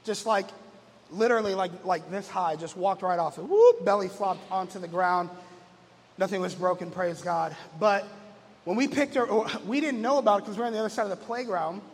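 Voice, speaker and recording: Male pastor, 30s, high-pitched, casual storyteller; reverberant hall with faint music. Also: moderate pace. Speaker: lead pastor. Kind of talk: conversational sermon. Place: church.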